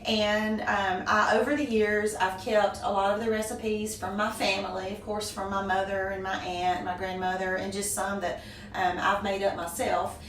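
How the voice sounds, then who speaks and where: A woman's voice: medium pitch, level tone, normal speed. Southern woman interviewed in an echoey room. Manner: warm, gracious, laughs often. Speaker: guest, small business owner. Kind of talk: conversational interview. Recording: echoey room from a distance, faint noise.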